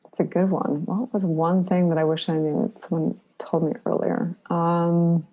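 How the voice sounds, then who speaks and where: A woman's voice: fairly low pitch, little pitch movement, moderate pace, narrow, tinny audio. A middle-aged woman guest in an interview, talking earnestly and encouragingly, often repeating phrases for emphasis. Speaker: podcast guest. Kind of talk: reflective interview answers.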